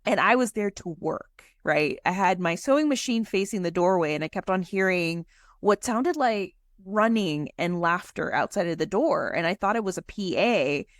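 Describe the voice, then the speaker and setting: A woman guest on a podcast, telling a story in an animated, chatty way. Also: lowish voice, moderate pace, no echo, studio quality.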